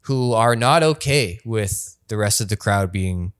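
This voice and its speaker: A man's voice: fairly low pitch, lively intonation, a little slow, clear, resonant tone, dry recording. Man in dry, sarcastic podcast banter. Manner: laughs as he reads, sarcastic asides. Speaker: podcast co-host. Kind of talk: casual chat, reading listener mail aloud.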